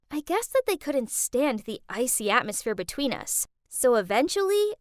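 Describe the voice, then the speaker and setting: A woman narrates an animated story in first person with a bratty, eye-rolling attitude. Her voice sits high and swings widely through every line. The recording is dry and close. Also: no room sound.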